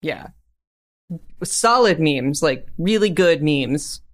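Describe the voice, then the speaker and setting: A man co-hosting a podcast in casual chat, telling animated stories and giggling often. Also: fairly high pitch, slow. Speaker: podcast co-host.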